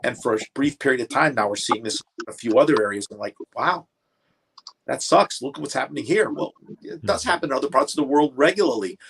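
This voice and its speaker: Halting man with faint noise behind. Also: mid-range voice, lively intonation, vocal fry, low-quality recording. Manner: halting, repeats words while searching for them. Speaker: panel guest. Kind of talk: casual chat.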